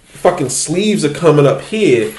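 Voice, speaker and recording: A man's voice: a little high, big pitch swings, measured pace, a little mellow, reverberant. A man hosting a podcast, telling a story in casual, profane chat and laughing as he goes. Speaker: podcast host.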